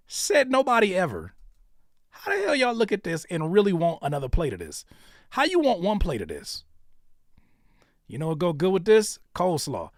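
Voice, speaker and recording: A man's voice: sits high, wildly swooping pitch, normal speed, dry recording, clean studio sound. A man hosting a music-reaction livestream, joking and repeating lines for effect in casual, profane chat. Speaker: livestream host reviewing music submissions.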